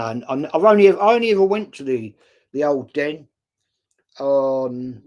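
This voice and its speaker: An English man in his sixties talks casually on his live stream, greeting viewers by name between stories. His telling is loose and chatty, with the odd swear word. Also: mid-range voice. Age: 60s. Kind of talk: casual chat reading viewer comments.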